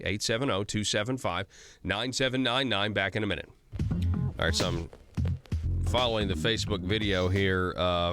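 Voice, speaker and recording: A man's voice: lowish voice, fairly bright tone, no echo. A man hosting a political talk radio show, reading through a ranking list and commenting in a conversational way with frequent fillers and restarts.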